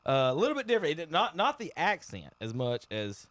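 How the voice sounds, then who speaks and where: A man's voice: a little high, wildly swooping pitch, fairly quick, a bit bright, dry recording. A man hosting a sports talk show, chatting casually with his co-hosts, laughing often and tripping over his words. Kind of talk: casual sports radio chat.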